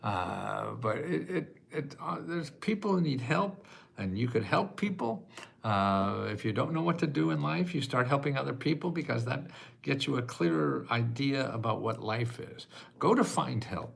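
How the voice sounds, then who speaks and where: An American man in his eighties hosting a casual livestream chat, self-mocking and quick to laugh, sometimes choking up with emotion. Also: mid-range voice, animated, gravelly. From United States. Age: 80s. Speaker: host answering viewer questions.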